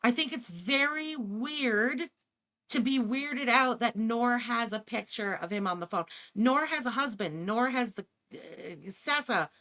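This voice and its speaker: Woman, reaction commentary host, incredulous and sarcastic, bright voice, slightly high. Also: expressive, unhurried. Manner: incredulous, sarcastic, swears freely.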